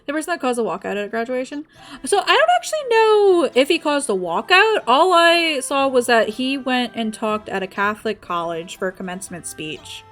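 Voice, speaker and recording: A woman's voice: high voice, very animated, moderate pace, a bit bright. A young woman from the States, chatting casually as a game streamer, laughing often and swearing freely. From Southern United States. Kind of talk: casual chat while gaming.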